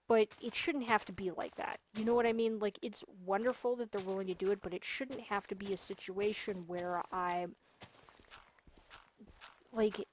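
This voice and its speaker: A woman's voice: mid-range voice, a little hiss or hum. A young adult woman, a gaming livestreamer, talking casually while she plays, venting and repeating her points with emphasis. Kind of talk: casual chat while streaming a game.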